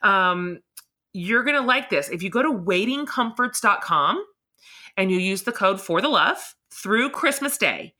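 A woman's voice: mid-range voice, lively intonation, a little slow, bright, forceful tone. A middle-aged woman co-hosting a podcast, gushing about products in a chatty way with many fillers. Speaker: podcast co-host. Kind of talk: casual gift-guide chat.

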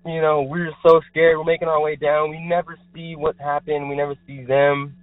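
A young man calling in to tell a spooky story in a rambling, excited way, full of fillers. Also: fairly high pitch, moderate pace, no room sound. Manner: excited, rambling, heavy use of filler words. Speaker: caller telling a paranormal experience. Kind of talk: casual storytelling. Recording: tinny phone line, dry, faint music.

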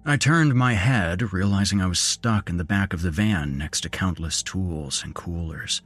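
A man narrating a horror story in a measured, grim way. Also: deep voice, a bit bright, slightly rough, soft background music.

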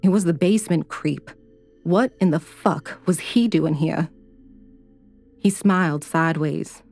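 Woman reading a horror story, lowish voice, soft music behind. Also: unhurried.

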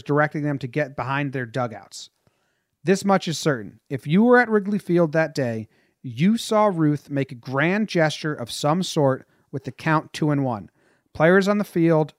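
A man's voice: on the high side, no room sound, clean studio sound. A man reading a history passage aloud and breaking off into loose, casual comments as a podcast host.

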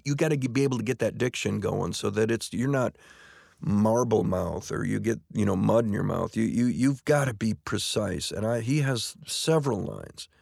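A middle-aged man, a stage actor, talking in a relaxed, anecdotal way in an interview, often restarting and repeating words. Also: on the low side, vocal fry, dry recording, studio quality. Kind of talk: conversational interview.

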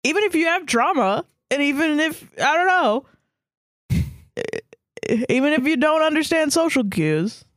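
A young woman co-hosts a casual podcast chat, cursing freely and slipping into mocking voices when she quotes people. Her pitch swings widely as she rants, and the close mic sounds dry and dead. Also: unhurried, no room sound. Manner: animated, swears freely, puts on quoted voices. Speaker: podcast co-host.

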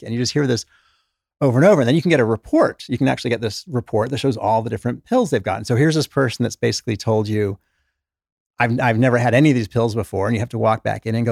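A man's voice: medium pitch, quick pace, gravelly, no echo, studio quality. A middle-aged man, a former doctor, telling stories in an interview and acting out the voices of the patients he quotes. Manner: animated storyteller who acts out patient quotes. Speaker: former doctor, author, guest. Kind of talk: conversational interview storytelling.

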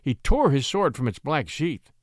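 Dramatic male audiobook narrator; very animated, dry close sound. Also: fairly high pitch, normal speed, dry recording. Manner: expressive, theatrical.

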